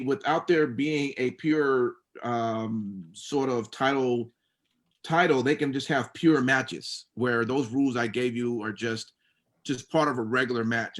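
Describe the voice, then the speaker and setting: A man co-hosting a casual wrestling podcast, reading rules aloud and then rambling with many fillers and restarts. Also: mid-range voice. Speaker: podcast co-host recapping wrestling.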